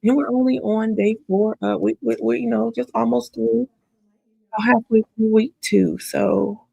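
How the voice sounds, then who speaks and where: Loud, emphatic live commentary from a woman with a heavily gravelly, husky voice. She circles back to the same demand again and again and talks straight back at the proceedings. Her sound is close and dry, with no room around it. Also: a little high, fairly even intonation, unhurried, dry recording. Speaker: trial commentary host.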